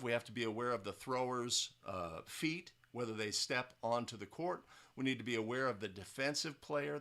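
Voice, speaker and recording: A man with a bright, forceful voice leads a casual instructional breakdown of basketball officiating footage. He speaks at a mid pitch and keeps checking in with "right?" as he goes. His sentences often restart partway through. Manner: tags points with "right?", frequent restarts.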